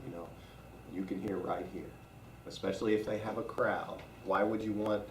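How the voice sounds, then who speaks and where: A man's voice: on the low side, steady tone, moderate pace, a little hiss or hum. A man leading a staff training class, talking conversationally and asking the room questions. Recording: echoey room from far off.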